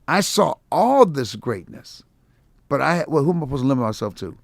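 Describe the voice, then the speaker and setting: A middle-aged man tells his stories with a rough, gravelly edge, jumping into the voices of everyone he quotes. The sound is close and dry, with no room around it. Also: medium pitch, fairly quick, no room sound. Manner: animated storyteller acting out quotes, laughing. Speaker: guest comedian. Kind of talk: casual storytelling interview.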